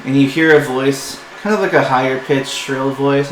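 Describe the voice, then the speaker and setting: A man's voice: medium pitch, fairly even intonation, normal speed. A man running a tabletop game as game master, narrating in a casual, loose way with many fillers. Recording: echoey room with some noise.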